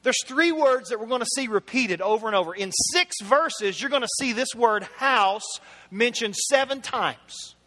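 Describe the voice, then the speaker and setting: A man's voice: very high-pitched, moderate pace, pushed and bright. A middle-aged man preaching a conversational sermon, chatty and anecdotal, talking straight to his congregation. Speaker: pastor. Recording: hall reverb.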